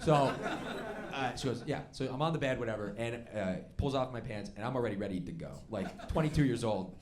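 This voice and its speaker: Animated man telling a stand-up story. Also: mid-range voice, fairly quick, a little hiss or hum. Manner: animated, laughing along, acts out quoted voices. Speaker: stand-up comedian. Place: comedy club stage before a live audience. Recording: stage mic with loud crowd laughter.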